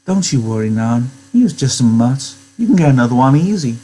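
A man doing a husky, lonely ranch wife. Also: mid-range voice, sing-song, fairly quick. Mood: coaxing. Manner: drawling rural dialect, pleading then sharp.

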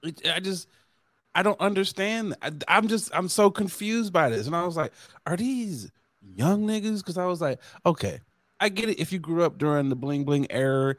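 A man's voice: moderate pace, dry recording. A man co-hosting a podcast in casual chat, telling stories animatedly and acting out quotes. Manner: animated storytelling, acts out quotes in a high voice. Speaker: podcast co-host.

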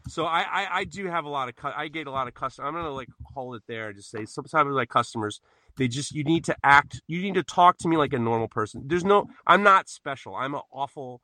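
A man's voice: fairly high pitch, expressive, quick pace, bright, forceful tone, no room sound. A man guesting on a podcast, chatting casually in a rambling, self-interrupting way and swearing freely. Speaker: podcast guest, knife maker.

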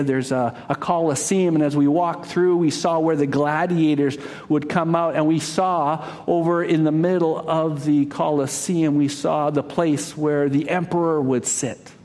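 A man preaching a sermon, telling a story dramatically, rising to loud cries and dropping to a hush. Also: a little high. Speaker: pastor.

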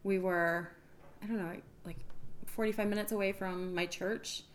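A woman's voice: mid-range voice, steady tone, moderate pace, slight background noise. A woman talking as a podcast guest in casual chat, telling her story in a chatty way.

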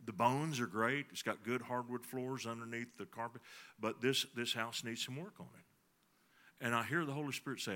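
A middle-aged man preaching a sermon, telling a folksy personal story that swings between soft, confiding passages and emphatic ones. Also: medium pitch, steady tone, normal speed. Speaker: pastor.

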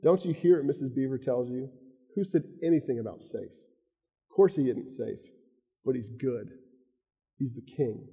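Man putting on a firm talking beaver, Southern US accent, dark mellow tone, long hall reverb. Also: medium pitch, normal speed, pauses often, husky. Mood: stern. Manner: stern, emphatic. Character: stern male talking beaver, proud and firm.

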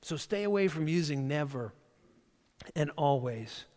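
A man delivers a sermon as a pastor, speaking plainly and conversationally and doubling up words as he begins his thoughts. His voice sits a little on the high side for a man. The sound carries the long reverb of a large church hall. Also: lively intonation, unhurried, a little mellow. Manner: conversational, repeats words at the start of phrases.

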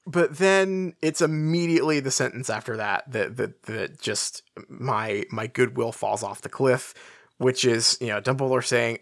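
A man co-hosting a casual book podcast, wry and rambling with deadpan humor. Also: medium pitch, a little slow, dry recording, clean studio sound. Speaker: podcast co-host. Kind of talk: casual book-club chat.

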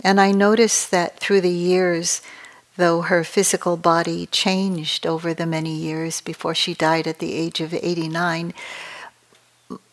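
A woman meditation teacher gives a dharma talk at a retreat, her voice sitting a little low. She speaks slowly and calmly, with a measured and reflective delivery.

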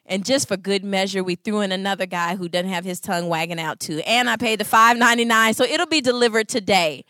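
A woman in her thirties giving a Christian talk on marriage, expressive and full of acted-out voices. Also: mid-range voice, brisk, no room sound, studio quality. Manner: expressive, acts out voices, laughs. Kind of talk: animated storytelling talk.

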